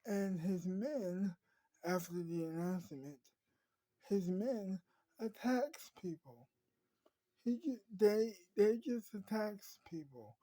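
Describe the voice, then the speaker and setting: A woman's voice: medium pitch, takes it slowly, warm tone, no room sound, poor audio. A woman telling an improvised story in a rambling way, often restarting and correcting herself.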